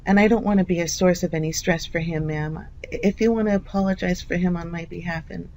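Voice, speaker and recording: Earnest caller, mid pitch, apologetic and reassuring on a phone call. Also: fairly even intonation, fairly quick, a little mellow, a little hiss or hum.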